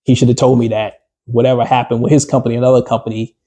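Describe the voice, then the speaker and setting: A business coach talking a small group through a workshop, loose and conversational with plenty of fillers and restarts. His voice is husky and dark, sitting at a middle pitch, and he keeps turning questions back to the room. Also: little pitch movement, fast talker.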